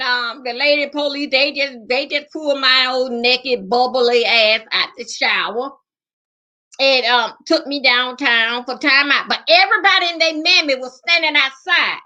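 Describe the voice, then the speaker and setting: A middle-aged woman telling a comic personal story in a loud, salty, emphatic way, repeating phrases for effect. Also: sits high.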